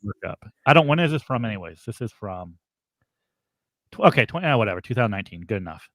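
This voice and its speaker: A podcast co-host in casual chat, reading names aloud haltingly with wry asides. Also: medium pitch, very animated, fairly bright tone, dry recording, clean studio sound.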